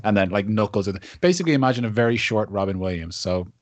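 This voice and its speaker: A man's voice: fairly low pitch, lively intonation, fast talker, no echo. A man playing in a tabletop game, joking and laughing often in casual chat. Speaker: player.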